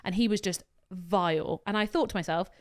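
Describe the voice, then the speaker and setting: Brisk, blunt woman co-host, animated chat with a fast delivery. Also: mid-range voice. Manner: blunt, animated storytelling with quoted dialogue and swearing. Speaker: podcast co-host. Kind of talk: casual chat.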